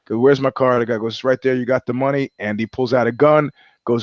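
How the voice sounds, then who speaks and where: A man's voice: mid-range voice, fairly even intonation, brisk, dry recording, lo-fi sound. A man co-hosting a podcast, telling rambling anecdotes in casual chat, swearing freely and acting out the quotes. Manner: rambling storyteller, swears often, acts out quotes. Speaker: podcast co-host.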